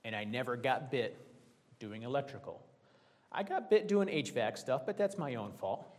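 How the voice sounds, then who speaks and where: A man's voice: mid-range voice, lively intonation, normal speed. A middle-aged man preaching a conversational sermon, mixing personal stories with scripture quotes. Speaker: pastor.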